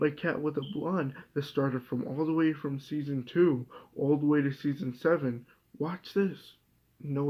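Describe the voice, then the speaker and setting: A young man hosting a casual review show, ranting in an exasperated, profane way. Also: on the high side. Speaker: host. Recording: dull lo-fi home recording.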